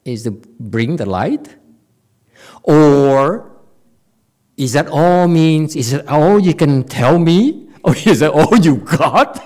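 A woman's voice: deep voice, slow pace. A woman giving a Buddhist dharma talk, laughing often and checking in with her listeners. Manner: animated, laughing, asks audience often. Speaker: Buddhist teacher. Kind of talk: dharma talk on Chan stories.

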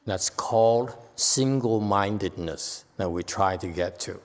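A man's voice: low voice, measured pace, hardly any pauses, long reverb tail. A man giving a spiritual teaching to a congregation, playful and full of rhetorical questions and repeated phrases. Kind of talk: dharma talk to a congregation.

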